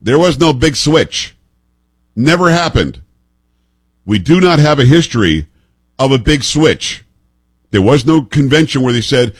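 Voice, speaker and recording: Husky, emphatic male commentator in his fifties. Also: medium pitch, expressive, a little slow, long pauses, no room sound. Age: 50s. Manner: emphatic and sarcastic, with pointed rhetorical questions. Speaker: political commentary host. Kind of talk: opinionated political commentary.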